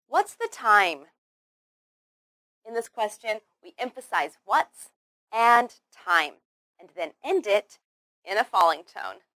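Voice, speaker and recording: A woman teaching English pronunciation in a slow scripted lesson, carefully over-articulating words, drilling them in repetitions and praising the learner. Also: medium pitch, sing-song, sharp tone, no room sound.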